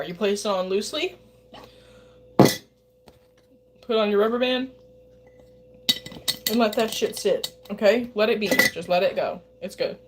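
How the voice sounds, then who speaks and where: A woman chats casually with her livestream viewers while she bakes at home in the kitchen, rambling and addressing her chat directly. She speaks at a measured pace in a medium-pitched voice, with long pauses and some background noise.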